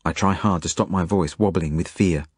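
A man reading his own novel aloud as a first-person audiobook, earnest and measured. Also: low-pitched, steady tone, husky, no room sound, studio quality. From Australia. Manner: earnest, measured, gentle storytelling.

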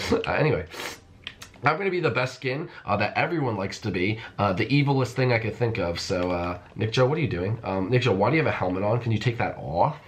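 A young man giving excited, playful commentary on a Minecraft game, repeating phrases and calling the viewers folks. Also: on the low side, slight background noise. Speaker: gaming YouTuber.

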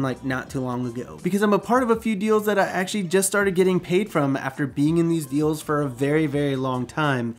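A man talking casually to camera in an explainer video, chatty and jokey with self-mocking asides. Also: a little high. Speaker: short-term rental host and video creator.

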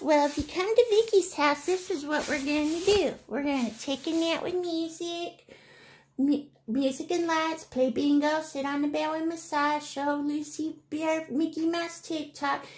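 A woman's voice: high voice, a little mellow, slight background noise. A woman vlogger chatting playfully to her toys and the camera in simple, sing-song speech, listing plans one by one.

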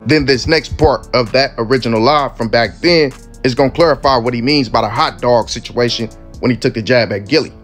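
A man hosting commentary over clips, talking in relaxed street slang. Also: medium pitch, brisk, few pauses, faint music behind. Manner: laid-back street slang, conversational. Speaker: commentary channel host.

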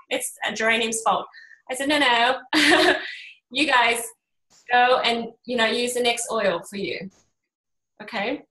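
A middle-aged woman, an energy healer, chatting to a small group and acting out quoted voices as she tells stories. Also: a little high. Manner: animated storytelling, acts out quoted voices. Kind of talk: casual workshop chat. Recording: roomy echo.

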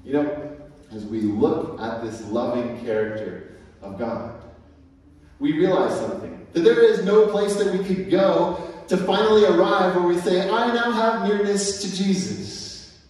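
A man preaching a sermon as pastor, emphatic, swinging between loud and soft. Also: on the high side, moderate pace. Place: church sanctuary. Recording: echoey hall, mic far off.

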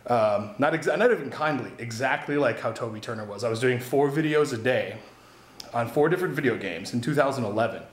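A man's voice: medium pitch, a little fast, reverberant. A man who makes gaming videos, talking casually and candidly to camera in a rambling vlog, swearing now and then. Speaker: gaming YouTuber.

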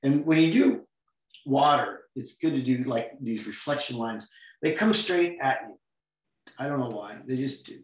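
A man leads a comics drawing class over a video call, chatting as he draws and throwing in silly sound effects. His voice sits at a middle pitch. The room around him sounds echoey. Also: moderate pace. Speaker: comics workshop teacher. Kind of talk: online drawing lesson.

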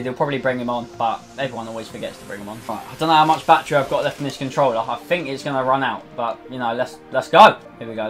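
A young man commentating his own football video game match, swinging between low muttering and swearing, shouting outbursts. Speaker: gaming YouTuber. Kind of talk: live gameplay commentary.

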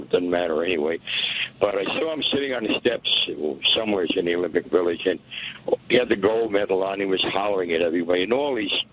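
An older man, a boxing historian, telling stories in an interview and acting out the quotes with animated energy. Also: low voice, rough recording. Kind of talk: interview storytelling.

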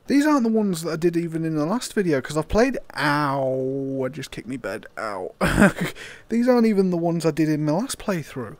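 A young man giving casual, sweary gameplay commentary, swinging into loud disbelief and laughter. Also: fairly high pitch, big pitch swings, moderate pace, no echo. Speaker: gaming YouTuber.

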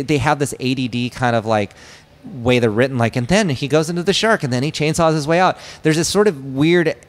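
A man, a film director guest in a casual interview, telling stories in an animated way and acting out his characters' lines. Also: mid-range voice. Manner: animated storyteller who acts out character lines.

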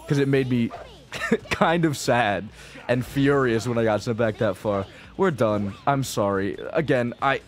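A young man giving casual, profane gameplay commentary as a video creator, rambling and frustrated, dropping to mutters and then bursting out. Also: mid-range voice. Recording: faint game music behind.

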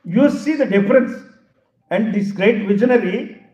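A man's voice: high voice, darkish tone. Male professor, emphatic speech, roomy echoey hall. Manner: emphatic, repeats key phrases, deliberate. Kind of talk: public lecture.

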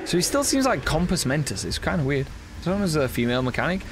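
Excitable swearing man streaming a horror game. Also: a little high, fast, noisy background. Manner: excitable, swears a lot, chats with viewers. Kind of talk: casual gameplay commentary.

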